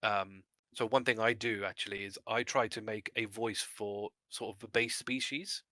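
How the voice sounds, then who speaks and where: A man's voice: on the low side, steady tone, moderate pace, sharp tone, dry recording. A man co-hosting a casual discussion about game mastering, rambling a little with restarts and small laughs.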